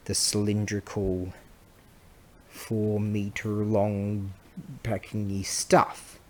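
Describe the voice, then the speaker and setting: A man's voice: fairly low pitch, slow pace, darkish tone. A middle-aged man, chatting casually in a vlog and rambling as he loses his train of thought. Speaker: vlogger selling antiques.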